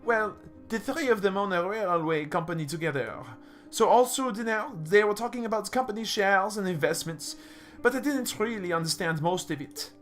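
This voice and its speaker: A man voicing a sweet, naive young female cat noble in a game, in a high, bubbly tone. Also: a bit bright.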